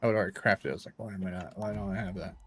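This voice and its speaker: A tired man talks his way through a game stream in a low voice, half to himself and half to his viewers. His commentary is loose and rambling. A faint hum of ambience sits behind him. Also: fairly even intonation, rapid-fire. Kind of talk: casual live gameplay commentary.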